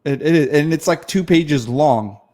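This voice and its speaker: A man's voice: fairly high pitch, normal speed, darkish tone. A man co-hosting a casual podcast, reacting and asking puzzled follow-up questions. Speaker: podcast co-host. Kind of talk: casual comedic chat.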